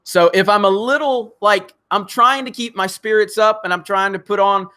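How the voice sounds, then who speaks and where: A man's voice: high voice, fairly even intonation, normal speed, pushed and bright. A man hosting a casual live stream, reading viewer comments and rambling in a frustrated way, with many restarts, fillers and some swearing. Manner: swears when angry.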